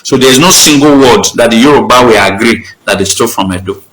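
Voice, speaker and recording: A man's voice: mid-range voice, quick pace, reverberant, background noise. A middle-aged Nigerian man with an Edo accent, hosting a heated live talk show in an emphatic, impassioned way. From Nigeria, Benin. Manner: emphatic, impassioned, talks over himself. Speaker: host.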